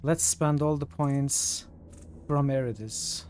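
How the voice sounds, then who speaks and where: A man streaming a role-playing game, reading the game's narration aloud and thinking out loud between choices. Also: slow, slight background noise. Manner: thinks aloud, reads narration in a lower, quieter voice. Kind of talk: reading game text aloud and commenting casually.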